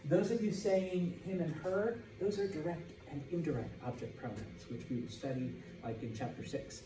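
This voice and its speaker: A man's voice: a little high, moderate pace, dark tone, soft background music. An American man teaching a Spanish class, speaking informally with jokes and asking the students "okay?" again and again. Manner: informal, joking, checks understanding with constant "okay?". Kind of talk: classroom lecture with student call-and-response. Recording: echoey classroom, voice from a distance.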